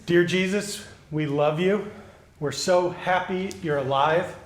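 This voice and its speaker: A male pastor giving a children's sermon, gently asking the children questions and answering them. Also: on the high side, slow pace, background noise. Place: church sanctuary. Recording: echoey church.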